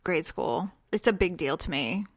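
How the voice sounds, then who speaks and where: A woman in her forties co-hosting a podcast in a casual chat, quick to laugh and blunt. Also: on the low side, expressive. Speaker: podcast co-host.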